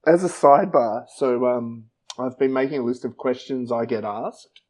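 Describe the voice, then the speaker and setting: A man's voice: medium pitch, normal speed, darkish tone, low-quality recording. An Australian man co-hosting a podcast, chatting playfully and rambling with plenty of fillers. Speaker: podcast co-host. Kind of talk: casual chat.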